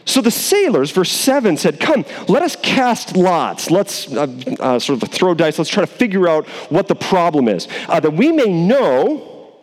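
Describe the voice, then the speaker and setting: A male pastor preaching a sermon in a casual, animated way, acting out the characters in quick voices. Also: high voice, long reverb tail.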